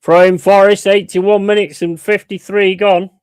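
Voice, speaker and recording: A man hosting a football watch-along, calling play-by-play in a blunt, excitable and heavily sweary way. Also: sits high, moderate pace, smooth. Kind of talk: live match commentary.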